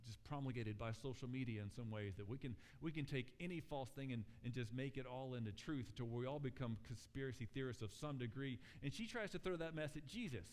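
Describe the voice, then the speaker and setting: A man preaching a sermon as pastor, talking in a conversational, animated way and acting out quotes as he tells stories. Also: medium pitch, brisk, hardly any pauses. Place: church sanctuary. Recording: long church hall reverb.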